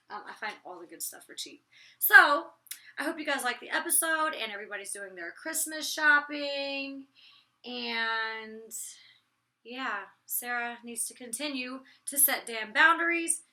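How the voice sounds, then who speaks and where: Woman, casual vlog chatter, animated, giggly, slightly high, very bright. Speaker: vlogger. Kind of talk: casual reality TV recap vlog.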